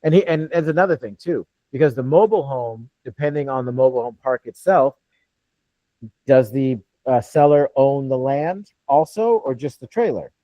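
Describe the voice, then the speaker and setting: A man's voice: medium pitch, normal speed, dry recording. A man coaching callers in a live Q&A, talking bluntly and swearing freely. His voice comes through dull and lo-fi, and the sound is dry and close. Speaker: host and wholesaling coach.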